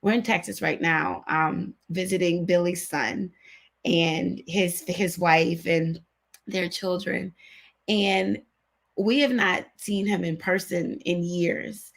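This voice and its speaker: A woman talks in a heartfelt, casual way, her voice carrying a gravelly edge. She sounds sincere and close to tears, circling back over the same words. It comes across as a video call chat. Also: on the low side, steady tone, slow pace. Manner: emotional, sincere, repeats herself. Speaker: co-host of a women's online talk show.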